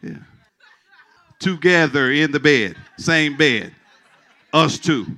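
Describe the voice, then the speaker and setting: A middle-aged man preaching a sermon as pastor, animated and emphatic, restarting and repeating words and joking with his congregation. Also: fairly high pitch, slow, some chatter behind.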